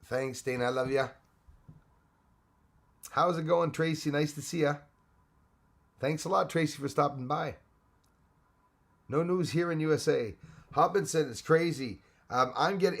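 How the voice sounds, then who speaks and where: A man's voice: fairly high pitch, measured pace, pauses often, fairly bright tone. A man hosting a live stream, chatting casually and greeting viewers by name, rambling with frequent restarts. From Canada.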